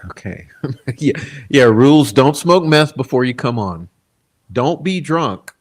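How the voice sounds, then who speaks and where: A man's voice: mid-range voice, expressive, slow pace. A man hosting a casual livestream, reading viewer comments aloud in a laid-back, rambling way, chuckling often. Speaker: livestream host.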